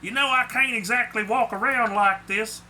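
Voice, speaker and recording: A man voicing a grumpy male Sasquatch who lives in a trailer park, speaking gruffly and curtly. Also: very high voice, very animated, normal speed, pushed and bright, slight background noise, voice pushed up, full character voice. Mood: angry.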